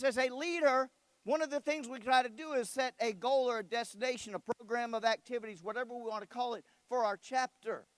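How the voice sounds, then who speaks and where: A man with a notably high voice delivers a motivational talk, animated and storytelling, turning often to question his audience directly. The sound is dry and close, with almost no room echo. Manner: animated storyteller who acts out dialogue. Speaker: convention speaker. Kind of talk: motivational speech with personal stories.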